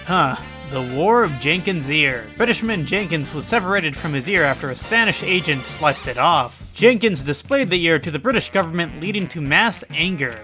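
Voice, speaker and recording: A man's voice: fairly high pitch, a bit bright. A man narrating a scripted history video, dropping wry, sarcastic asides between the facts. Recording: faint music behind.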